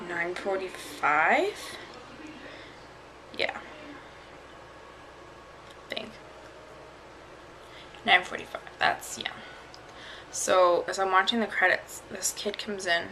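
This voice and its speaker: A woman's voice: on the low side, gravelly, noisy background. A woman vlogging casually, chatty and rambling as she tells a story, often laughing. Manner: chatty, rambling, laughs while telling stories.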